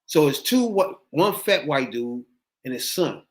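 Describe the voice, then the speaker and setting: A male podcast host tells a story in loose, slang-filled chat. His fairly high voice rises and falls a lot as he gets into it. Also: measured pace. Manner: animated, slangy retelling.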